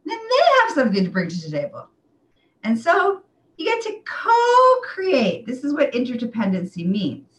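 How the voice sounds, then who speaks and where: A woman relationship coach explaining in a casual, animated way, full of fillers. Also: sits high, moderate pace, poor audio. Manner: animated and conversational, with many fillers. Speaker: sexual wellness coach.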